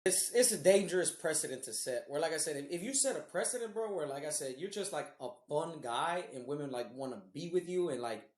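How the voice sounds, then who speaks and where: A man's voice: a little high, animated, fairly quick, hardly any pauses, darkish tone, reverberant. A man co-hosting a podcast, telling rambling, profane stories in casual chat. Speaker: podcast co-host.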